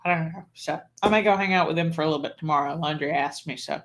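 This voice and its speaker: A woman's voice: low voice, fast talker. A woman hosting a live stream, chatting casually and telling rambling stories between laughs. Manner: rambling, chatty storyteller who laughs often. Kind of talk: casual chat.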